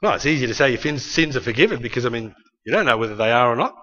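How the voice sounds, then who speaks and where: A man's voice: mid-range voice, expressive, rapid-fire, a bit bright, lo-fi sound. A man preaching a sermon to a congregation in an emphatic manner, repeating key phrases and acting out quotes. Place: church hall with a live congregation. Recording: long reverb of a large hall.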